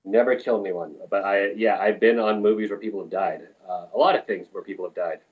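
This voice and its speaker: A man's voice: lowish voice, fairly even intonation, fast talker, phone-quality sound. A man from New Mexico who works on film crews, telling profane, rambling anecdotes in a casual interview. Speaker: film crew lighting technician, guest.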